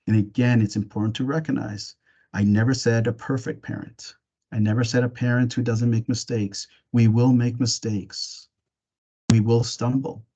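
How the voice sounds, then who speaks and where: A man presenting a parenting webinar, gently walking listeners through reflective questions in a casual way with some fillers and restarts. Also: medium pitch, slightly rough, muffled recording. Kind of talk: reflective webinar talk with guided imagery.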